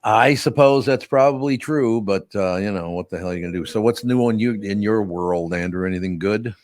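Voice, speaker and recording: A man's voice: fairly low pitch, fairly quick, darkish tone, no room sound, studio quality. An older grandfather hosting a casual family chat, rambling and chatty with lots of fillers. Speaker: host, grandfather.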